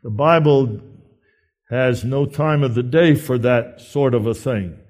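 A man preaching a sermon in an earnest, emphatic way with deliberate pauses. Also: mid-range voice, a little mellow.

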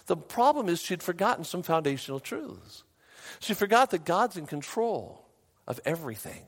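A middle-aged man preaching a sermon as a pastor, emphatic, his voice rising high in bursts. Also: long reverb tail.

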